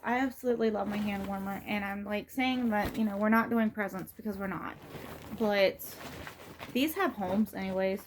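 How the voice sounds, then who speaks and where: A woman's voice: mid-range voice, a little mellow. A middle-aged woman vlogging in a casual, rambling way, with many fillers and restarts. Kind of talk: casual rambling vlog talk.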